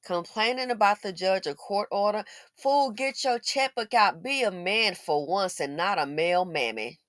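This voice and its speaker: This is a woman hosting her own opinion commentary, mid-pitched and talking straight into the mic. She sounds blunt and scolding with a sarcastic bite, in a dry room with no echo. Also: animated, normal speed, fairly bright tone. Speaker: commentary channel host.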